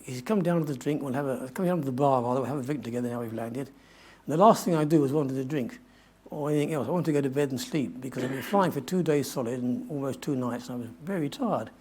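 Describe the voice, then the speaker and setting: An older man tells a long adventure story at a museum talk, stopping often to restart his sentences. His voice is dark and mellow with a husky edge. The delivery is loose and chatty. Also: mid-range voice, quick pace, hardly any pauses. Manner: rambling, self-correcting storyteller. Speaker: guest speaker.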